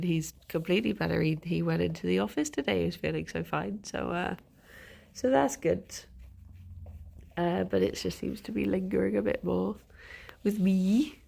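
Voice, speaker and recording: A woman's voice: fairly low pitch, normal speed, creaky. A woman streamer chatting casually on a live stream, congested from a cold, reading out chat messages and laughing often.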